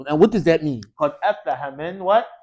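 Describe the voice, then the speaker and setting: Man, energetic grammar teacher in a mosque classroom, slightly high voice, quizzing call-and-response style, casual slang. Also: racing, highs cut off. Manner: energetic, quizzes students with frequent "what?" prompts. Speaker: Arabic teacher.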